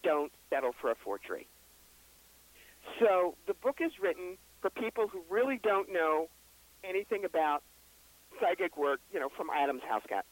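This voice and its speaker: A man with a brisk, wry storytelling manner, the psychic author and reverend being interviewed on a radio show. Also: high voice, big pitch swings, rough recording. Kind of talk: interview guest.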